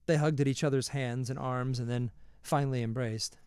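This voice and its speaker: Male audiobook reader, even and expressive, dry close sound. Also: mid-range voice, normal speed, clean tone, no room sound. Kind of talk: audiobook narration.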